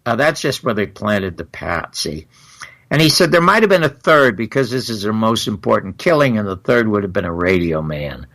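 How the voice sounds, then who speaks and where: An older man, a guest in an interview, recounting stories in an animated way and acting out the exchanges he quotes. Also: fairly low pitch, vocal fry. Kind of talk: storytelling in a long interview.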